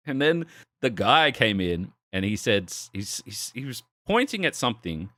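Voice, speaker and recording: A young man on a podcast, a low voice that swings widely in pitch as he acts out the people in his story. He swears freely and laughs often, sounding close and dry on the mic. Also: sing-song, a little slow, pushed and bright, no room sound. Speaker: podcast co-host. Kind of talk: casual podcast chat, storytelling. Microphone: desk microphone with arm.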